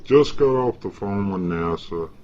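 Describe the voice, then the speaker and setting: A man rambles through a casual, aggrieved monologue, folksy and a little boastful. His voice sits low and he takes his time. The recording sounds dull and lo-fi. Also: lively intonation, measured pace, darkish tone. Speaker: vlogger.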